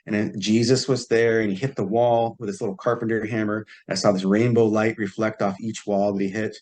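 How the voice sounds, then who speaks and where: A man, a podcast guest, telling a personal story in a relaxed way and acting out the quoted dialogue. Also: lowish voice, fairly quick. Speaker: podcast guest, psychic healer. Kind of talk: casual storytelling.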